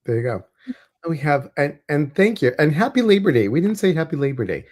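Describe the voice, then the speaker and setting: A man's voice: on the high side, sing-song, fast talker, darkish tone. A man co-hosting a casual livestream, reading viewers' questions and oracle cards, chatty and joking.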